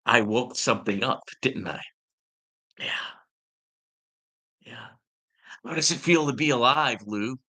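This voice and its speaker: A male show host reading out a viewer's comment and answering it with slow, mocking, sarcastic taunts. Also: mid-range voice, sharp tone. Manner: sarcastic, teasing, drawn-out taunts.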